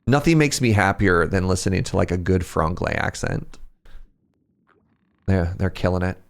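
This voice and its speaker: A man's voice: low-pitched, lively intonation, moderate pace, creaky. A man with a Canadian Pacific Northwest accent, chatting casually with viewers as he streams a fishing game, rambling and laughing often. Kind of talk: casual livestream chat with viewers.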